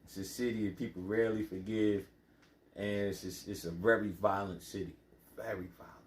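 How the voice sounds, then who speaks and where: A man's voice: fairly low pitch, steady tone, a little fast, roomy sound. A man from the Bronx with a New York accent, telling his life story in a loose, rambling way with lots of fillers. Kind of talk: casual monologue.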